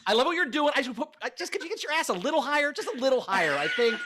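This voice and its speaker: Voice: sits high, very animated, rapid-fire, heavy background noise, pitched above the performer's own voice. A comedian impersonating a fussy man who gives a performer overly polite, hesitant notes, as a comic impression. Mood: fussy, hedging.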